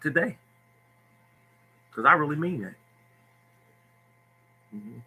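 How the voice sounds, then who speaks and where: A man hosting a lottery livestream talks bluntly to his viewers and hammers every point home by repeating it. His voice is very bright and sharp, with a husky, raspy edge. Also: on the high side, animated, slow, rough recording. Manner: blunt, preachy, repeats himself. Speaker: lottery tips host. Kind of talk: livestream talk answering viewers.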